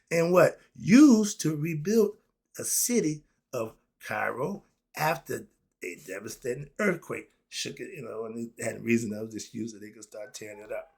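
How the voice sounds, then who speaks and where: A man lecturing on history with passion and speaking. He swings between loud outbursts and low asides and laughs often. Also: husky.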